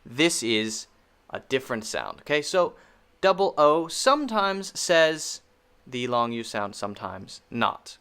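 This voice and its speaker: Slow, lively-pitched American pronunciation teacher. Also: male voice, clear, resonant tone. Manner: models vowel sounds slowly and repeatedly. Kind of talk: pronunciation lesson.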